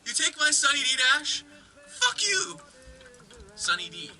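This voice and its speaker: A man's voice: very high-pitched, animated, brisk, sharp tone, faint music behind, rough recording. A man from Canada ranting in an exasperated, sweary, incredulous way on a comedic vlog. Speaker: vlogger.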